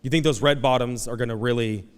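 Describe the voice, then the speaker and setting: A male pastor in the middle of a sermon, with a casual, animated delivery that drops into acted-out voices now and then. His mid-pitched voice rings with long reverb from a large church auditorium. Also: fast talker, clean tone. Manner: conversational and animated, acting out quoted voices.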